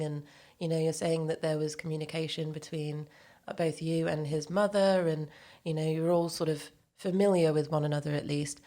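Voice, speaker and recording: Soft-spoken British woman interviewer. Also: deep voice. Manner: gentle, careful questioning.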